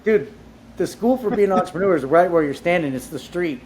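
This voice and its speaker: A man being interviewed, telling his life story in a casual, animated way, with lots of "like" fillers and casual swearing. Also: sits high, a little fast, a little hiss or hum. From Southern California. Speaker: entrepreneur guest.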